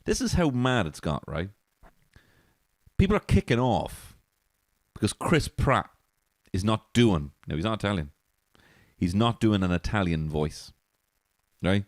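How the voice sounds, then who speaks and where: A man's voice: fairly low pitch, sing-song, unhurried, long pauses, dry recording, clean studio sound. A man hosting a comedy podcast alone, rambling, swearing and laughing at his own jokes from a small alcove. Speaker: podcast host. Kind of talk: solo comedy podcast monologue.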